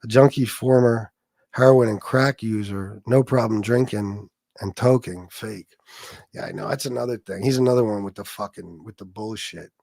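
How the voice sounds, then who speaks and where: A man's voice: on the low side, normal speed, vocal fry, darkish tone, no room sound, clean studio sound. A man hosting a livestream, ranting at people in a heated, sarcastic, profane way. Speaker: livestream host.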